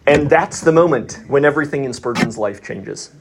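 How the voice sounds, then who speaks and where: A man telling a story in a casual, animated way as a podcast guest. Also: medium pitch, moderate pace, gravelly. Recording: noisy recording.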